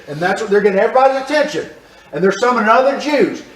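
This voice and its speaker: A man's voice: high-pitched, expressive, very fast, fairly bright tone. A man teaching a Bible class in a church. He asks the class questions and repeats his points. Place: church room. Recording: roomy echo, mic at a distance.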